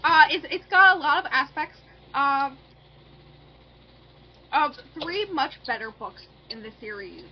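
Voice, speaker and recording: A young woman with a high voice chats casually, recapping a book's plot in a loose, rambling way full of fillers and swearing. The recording is dull and lo-fi, like a home podcast setup. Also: expressive, measured pace, long pauses, a little hiss or hum. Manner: rambling, profane, lots of fillers. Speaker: podcast co-host recapping a book. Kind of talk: casual chat.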